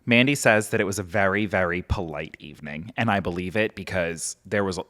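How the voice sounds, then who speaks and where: A man's voice: low-pitched, brisk. A man, a podcast guest telling a story casually and animatedly, acting out quotes. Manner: animated, acts out quotes, many "like" fillers.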